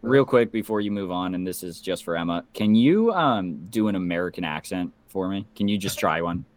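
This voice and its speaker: A man's voice: low-pitched, a little fast, no room sound. A man co-hosting a casual podcast, teasing and pushing the others in banter. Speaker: podcast co-host. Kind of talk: casual chat.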